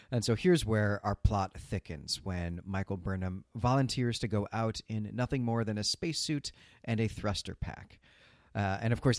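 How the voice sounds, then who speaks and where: A man co-hosting a podcast, recapping in a measured way with frequent fillers and repeated words. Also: lowish voice, no echo, clean studio sound. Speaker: podcast co-host. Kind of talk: casual recap chat.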